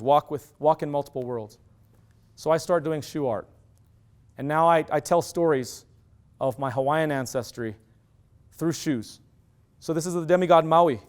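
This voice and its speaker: A middle-aged man giving an animated storytelling lecture, acting out quoted dialogue. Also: on the high side, clean tone. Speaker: university lecturer.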